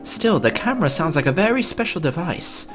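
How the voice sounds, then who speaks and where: A man voicing a dignified, stiff lawyer in a game, with a put-on British accent and a low, measured, formal delivery. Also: big pitch swings, faint music behind. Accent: mock British.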